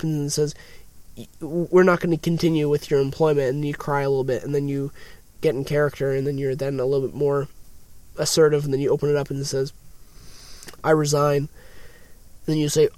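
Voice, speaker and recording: A man's voice: a little high, flat delivery, fast talker, long pauses, darkish tone, no echo. A young man co-hosting a podcast in casual chat, playful and ranting, slipping into mock voices. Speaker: podcast co-host.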